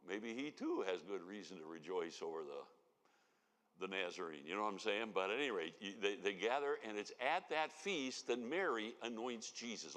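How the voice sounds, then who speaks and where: A man's voice: lowish voice, fairly bright tone. A man giving sermon-style Bible teaching at a conference, telling the story with animation and acting out the lines he quotes. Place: church sanctuary. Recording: reverberant church hall.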